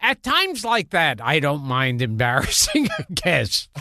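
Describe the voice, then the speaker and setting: Nasal host guy, super slow and drawn out, bright edgy voice. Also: fairly high pitch, huge pitch swings, no room sound, studio quality. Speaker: podcast host.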